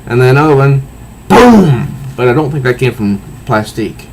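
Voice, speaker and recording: A man casually reviewing a comic book, recounting panels in a halting way with repeated words. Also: mid-range voice, sing-song, background noise.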